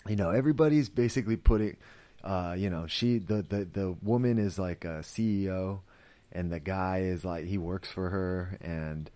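Casual male podcaster with a deep voice, rambling, filler-heavy, profane recap. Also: normal speed, dark tone. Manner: rambling, full of "like" and "you know", swears freely. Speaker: podcast host reviewing a series.

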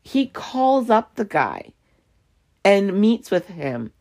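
A woman's voice: mid-range voice, big pitch swings, slow, a little mellow. A woman hosting a solo podcast, ranting heatedly and swearing a lot. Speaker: podcast host.

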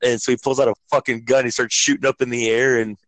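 A man's voice: medium pitch, fast, no echo, poor audio. A man in casual podcast chat, retelling comedy scenes with a lot of swearing and acted-out quotes. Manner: profane, animated storytelling, acts out quotes.

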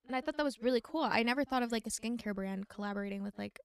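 Creaky-voiced young woman chatting casually. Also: fairly high pitch, racing. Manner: chatty, upbeat, lots of "like". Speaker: podcast co-host. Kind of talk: casual chat. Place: friend's bedroom.

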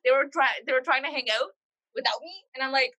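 A young woman hosting a casual chat podcast, playful and blunt, quick to mock her guest. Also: high-pitched, noisy background. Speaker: podcast host.

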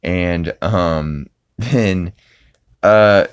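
A man's voice: low voice, very slow, smooth, no echo. A man hosting a podcast, casually retelling a cartoon episode with plenty of fillers and chuckles. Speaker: podcast host.

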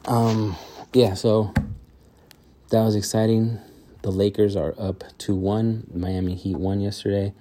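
Guy doing a solo podcast, deep warm voice, rambly and laid back. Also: flat delivery, unhurried, a little hiss or hum. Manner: rambling, loose, many fillers and restarts. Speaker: podcast host. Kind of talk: casual solo podcast chat.

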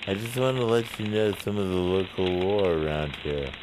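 A man casually telling a story, halting now and then with restarts and asides. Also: low voice, fairly even intonation, noisy background.

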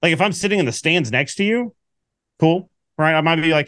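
A man co-hosting a casual sports podcast, telling a story with lively acted-out quotes. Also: on the high side, brisk, dry recording. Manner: animated storyteller, acts out quotes. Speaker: podcast co-host.

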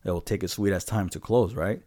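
A man's voice: deep voice, a little fast, dark tone, dry recording, clean studio sound. A man co-hosting a podcast, telling stories in a loose, profane, laid-back way. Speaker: podcast co-host. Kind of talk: casual storytelling.

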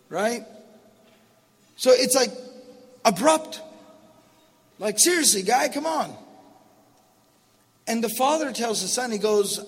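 A man in his thirties gives a sermon in a high voice for a man, telling stories casually with slangy asides. A long hall reverb trails behind each phrase. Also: animated, unhurried, long pauses, breathy edge. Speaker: preacher.

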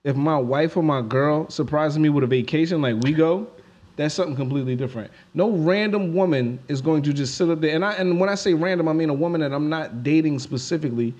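High-pitched guy, loud and animated, laughing a lot, casual banter. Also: quick pace, dull audio. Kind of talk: casual chat.

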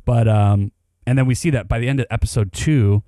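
A man's voice: mid-range voice, fairly quick, dark tone, no echo, studio quality. A man co-hosting a podcast, chatting casually about a TV show, rambling with lots of fillers. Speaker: podcast co-host. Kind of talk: casual chat reviewing a TV show.

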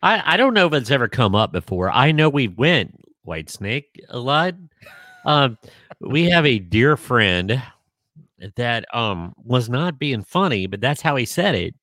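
A man co-hosting a podcast in casual chat, joking dryly and pausing often with ums. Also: medium pitch, very animated, a bit bright, dry recording. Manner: dry joking, hesitant with many ums. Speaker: podcast co-host.

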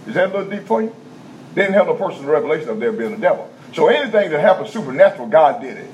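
A man preaching a teaching sermon in a conversational style, checking in with the congregation and repeating key points slowly in vernacular speech. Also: a little high, very animated, a little mellow. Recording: dull lo-fi sound with faint background noise.

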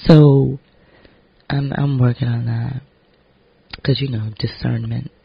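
A man with a raspy, gravelly voice, speaking to camera in a loose, candid vlog ramble. His language is blunt and sprinkled with swearing. The audio sounds a little dull and lo-fi. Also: mid-range voice, flat delivery, slow pace, no room sound. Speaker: vlogger and actor. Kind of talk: casual vlog monologue.

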